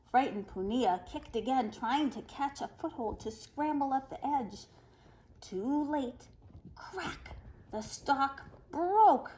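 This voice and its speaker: A woman reading a folktale aloud to children, expressive and animated. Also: high-pitched, takes it slowly, poor audio. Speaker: children's storyteller.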